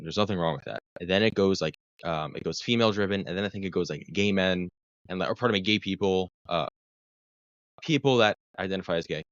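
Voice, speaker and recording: A man's voice: deep voice, no echo, muffled recording. A man, a clinician who works with first responders, telling a long personal story in casual podcast chat, swearing freely and correcting himself as he goes. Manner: profane, rambling, self-correcting storyteller. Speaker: guest, mental health clinician for first responders.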